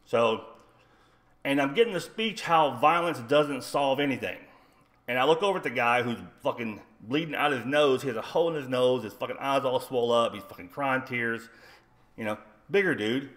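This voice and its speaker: A man's voice: medium pitch, moderate pace, a bit bright. A retired man telling a rambling, profane story on his own livestream in a blunt, combative way. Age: older. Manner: blunt, rambling, heavy swearing. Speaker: livestream host.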